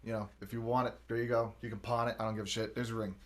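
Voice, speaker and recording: Man, casual podcast chat, animated storytelling, acted-out quotes, frequent swearing. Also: on the low side, rapid-fire. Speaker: podcast host.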